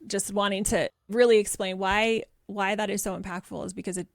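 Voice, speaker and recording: A woman's voice: mid-range voice, steady tone, a little fast, no echo, studio quality. A woman hosting a parenting podcast as a coach, speaking in an encouraging, emphatic way and repeating words for stress. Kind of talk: conversational interview.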